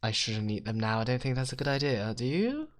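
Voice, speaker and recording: A man's voice: mid-range voice, sing-song, brisk. A man rambling through casual game commentary, self-mocking and swearing freely. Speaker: gaming video host.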